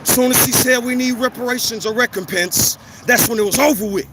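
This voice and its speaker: Man, blunt profane vlog rant, high-pitched; outdoor recording with heavy traffic noise. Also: a little fast. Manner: blunt, heated, profane ranting. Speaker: vlogger. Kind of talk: walking vlog monologue. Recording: outdoor street noise, passing cars.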